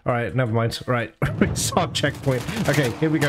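A man's voice: mid-range voice, moderate pace. A man giving live commentary on a video game, frustrated and swearing often. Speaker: gaming streamer. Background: game music and gunfire.

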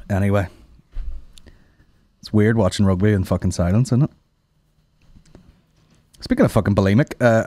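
A man's voice: sits low, darkish tone, no room sound. A man hosting a comedy podcast, ranting casually with plenty of swearing and laughing at his own jokes. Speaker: podcast host.

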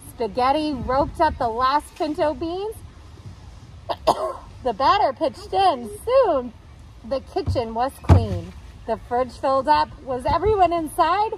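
A woman teacher reading a picture book aloud to young children, expressive and playful, putting on voices for the characters. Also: high-pitched, slight background noise, rough recording. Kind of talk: read-aloud storytime for children.

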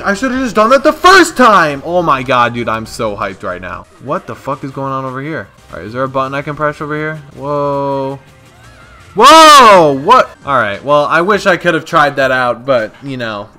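A young man giving profane, excitable commentary over his own gameplay, talking to himself and yelling at near misses. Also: on the high side. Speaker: gaming YouTuber.

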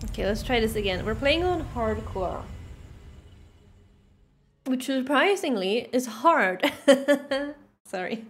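Chatty streamer woman who yells, fairly high voice. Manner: chatty, bursts into yelling. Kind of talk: let's play commentary. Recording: noisy background.

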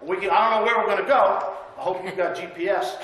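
A man's voice: high-pitched, steady tone, fast, fairly bright tone. A man preaching a sermon to a church congregation, telling stories in a folksy, conversational way and asking for amens. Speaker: guest preacher. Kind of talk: sermon with storytelling. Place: church sanctuary. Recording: very echoey church room.

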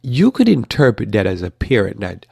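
A man giving a live Bible teaching talk, animated, now and then acting out whiny children and doting parents. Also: lowish voice, moderate pace, gravelly, breathy edge, no room sound, clean studio sound. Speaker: preacher.

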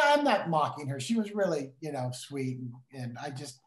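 A man's voice: fairly high pitch, very animated, brisk, hardly any pauses. A middle-aged man teaching in a casual Bible discussion, earnest and emphatic like a preacher. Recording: roomy echo.

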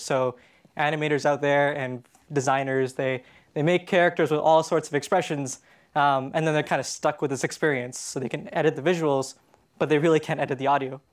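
A Canadian man giving a casual conference presentation, talking with many fillers and restarts. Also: on the high side. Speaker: conference speaker. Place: conference stage in a hall.

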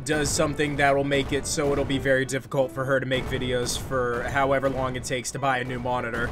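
A gaming channel host commenting dryly and sarcastically on a hard game, with crude jokes and an upbeat sign-off. The voice sits mid-pitch. Music plays clearly in the background. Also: flat delivery, brisk. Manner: dry, sarcastic, crude joking. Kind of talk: let's-play gaming commentary.

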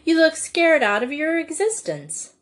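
A kind but firm young headmistress, voiced by a woman reading aloud, calm and gently scolding. She speaks slowly and evenly in an audiobook. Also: high-pitched, pitched above the performer's own voice, exaggerated voice. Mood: teasing.

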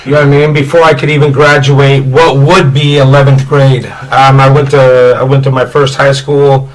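A man's voice: medium pitch, flat delivery, moderate pace, low-quality recording. A man from Indiana telling his life story as an interview guest, rambling and candid, with many "you know" fillers.

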